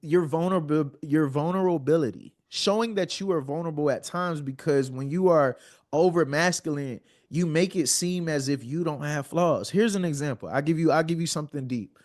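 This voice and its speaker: Man, thirties, earnest, repeats words for emphasis, fairly high voice. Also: moderate pace, darkish tone. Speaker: podcast guest. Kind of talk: heartfelt conversational storytelling.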